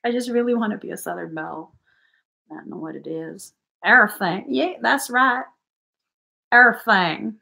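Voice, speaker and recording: A woman's voice: a little high, normal speed, vocal fry, long pauses, pushed and bright. A young woman chatting casually on a livestream as a spiritual energy reader, giggly and playful, swearing now and then.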